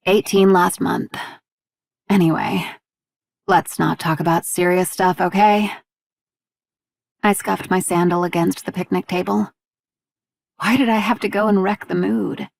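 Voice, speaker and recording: A woman's voice: medium pitch, gravelly, dry recording, clean studio sound. A woman narrating an audiobook, reading the dialogue with small shifts between characters. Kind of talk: scripted narration.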